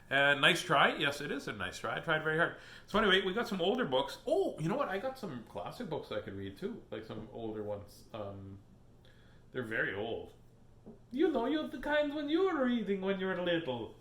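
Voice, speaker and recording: A man's voice: fairly high pitch, big pitch swings, normal speed, sharp tone. A man hosting a live children's book reading stream, chatting in a silly, playful, joking way. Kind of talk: casual live-stream chat. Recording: echoey room.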